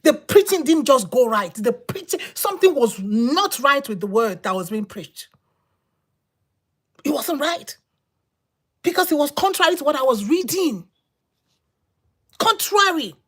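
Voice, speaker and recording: A woman preaching through her own testimony, with a lively voice that sits a little high. She tells her story in repeated phrases and dramatic pauses, her pitch rising and falling through each line. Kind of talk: personal testimony sermon.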